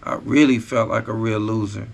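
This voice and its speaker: A man's voice: on the low side, fairly even intonation, normal speed, creaky. A man hosting a podcast, telling a personal story in a raw, profane, casual street style. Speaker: podcast host.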